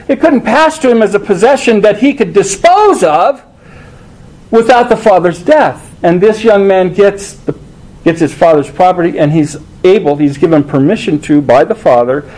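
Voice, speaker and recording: A man's voice: sits high, darkish tone, low-quality recording. A man preaching a sermon, conversational and emphatic, asking rhetorical questions.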